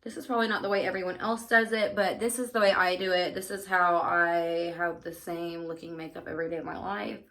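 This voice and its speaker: A woman's voice: on the low side, fairly even intonation, a little fast, few pauses, a bit bright. A woman beauty vlogger chatting casually and candidly through her makeup routine, with lots of fillers. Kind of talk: casual get-ready-with-me chat.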